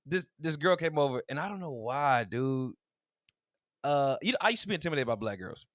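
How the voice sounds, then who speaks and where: In a studio-quality recording with no echo, a podcast co-host with a slightly high voice talks a little fast. He tells stories in casual conversation, acting out quotes and laughing often with animated delivery.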